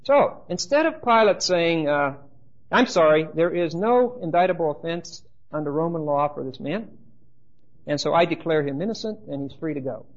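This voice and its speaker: A man's voice: fairly high pitch, lively intonation, normal speed, lo-fi sound. A man preaching a sermon with emphasis and dry humor, speaking straight to his listeners.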